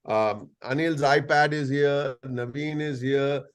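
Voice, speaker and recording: A man's voice: mid-range voice, slow, clean tone. Playful Indian man in his sixties. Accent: Indian English. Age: 60s. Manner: playful, storytelling, jokes and asides. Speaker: guest speaker. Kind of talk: anecdotal talk to a video-call audience. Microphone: video call.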